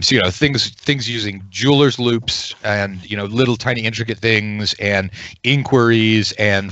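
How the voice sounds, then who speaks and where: Rambling low-voiced game master. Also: male voice, fairly bright tone, no echo. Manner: rambling, many ums and restarts. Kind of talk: narrating a tabletop game session. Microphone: video call.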